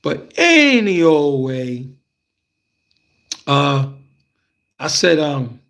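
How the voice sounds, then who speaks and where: A man with a fairly high voice tells a childhood tale in loose, conversational fashion. He keeps it animated and acts out the scenes as he talks. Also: a little slow. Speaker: storyteller. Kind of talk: casual spoken storytelling.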